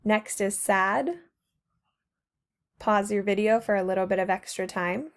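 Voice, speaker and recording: A woman's voice: medium pitch, a little slow. A woman teacher narrating a recorded slideshow lesson to her students, patient and encouraging, speaking to them directly.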